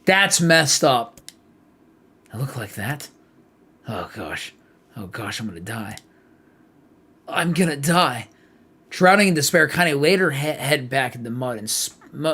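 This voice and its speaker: Male streamer, lively pitch, husky voice, reading aloud, faint game music. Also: unhurried, pauses often. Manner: animated, laughing asides, reads text aloud.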